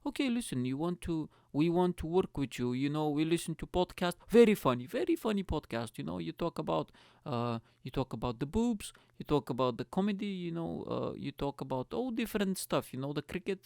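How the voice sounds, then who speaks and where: A man voicing a corporate clothing sponsor rep with an Eastern European accent, pitching slowly and haltingly. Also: lively intonation, vocal fry, a little mellow, dry recording, clean studio sound. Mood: wheedling. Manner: slow, halting sales pitch.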